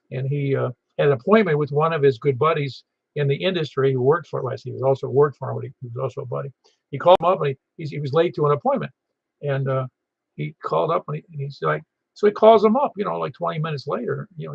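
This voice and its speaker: A man's voice: mid-range voice, creaky, breathy edge, no echo. A man hosting an amateur radio net in casual chat, rambling and telling stories with many restarts. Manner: rambling, chatty, self-interrupting storyteller. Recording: slightly muffled lo-fi audio.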